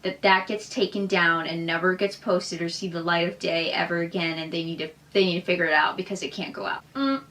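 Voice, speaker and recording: A young woman hosting a reaction commentary, animated and incredulous, firing off rhetorical questions. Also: fairly low pitch, brisk, hardly any pauses. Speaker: commentary host.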